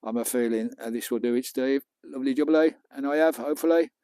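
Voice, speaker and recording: A British man chatting casually on a live stream while he fishes on a beach. His voice is dark and mellow, recorded dry and close, and he jokes with viewers and swears now and then. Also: mid-range voice, fast, clean tone, dry recording. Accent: British English. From England. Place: outdoors on a beach at night.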